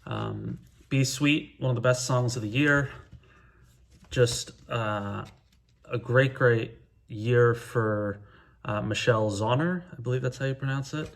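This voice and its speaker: Easygoing middle-aged man, unhurried. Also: mid-range voice, steady tone, vocal fry. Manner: easygoing and enthusiastic, with frequent hesitant pauses. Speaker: music vlogger. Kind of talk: casual talk to camera counting down favorite records.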